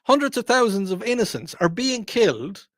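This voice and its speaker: A man's voice: high-pitched, very animated, moderate pace, no echo, clean studio sound. A man hosting, delivering a rambling, wry, opinionated monologue full of asides. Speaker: host. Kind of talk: opinionated radio-style monologue.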